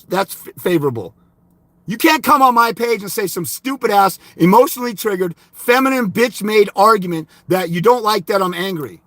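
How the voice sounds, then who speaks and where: A man's voice: high-pitched, bright, forceful tone, no echo, studio quality. A man ranting on a livestream, heated and profane, scolding his critics. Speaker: fathers' rights advocate streaming live. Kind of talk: angry livestream rant.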